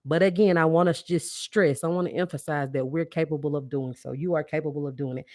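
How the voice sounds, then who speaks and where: A woman's voice: low-pitched, steady tone, fast talker, hardly any pauses, mellow, dry recording, clean studio sound. A woman hosting a podcast, giving a preachy, motivational monologue with call-and-response lines and frequent laughs. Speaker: podcast host.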